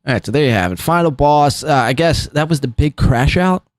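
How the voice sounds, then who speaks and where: A man's voice: a little high, lively intonation, fairly quick, no room sound, clean studio sound. A man hosting a live podcast, rambling through clip commentary with lots of fillers and laughs. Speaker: podcast host.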